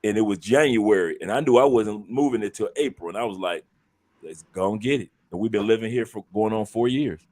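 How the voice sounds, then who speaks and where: A man's voice: fairly low pitch, fairly quick, darkish tone. A man hosting a live show, chatting easily and often repeating words as he thinks. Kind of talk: casual chat.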